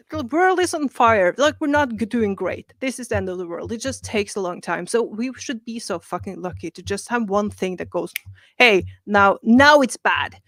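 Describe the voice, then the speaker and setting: A Norwegian-accented woman with a faint Irish lilt chats in an interview, animated and profane, stumbling over her words and piling on "like"s. Her voice sits in a middle pitch. It comes over a video call with a dry sound and no room echo. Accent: Norwegian with a slight Irish lilt. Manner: animated and profane, many restarts and "like"s. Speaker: comic book writer guest. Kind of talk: casual interview chat.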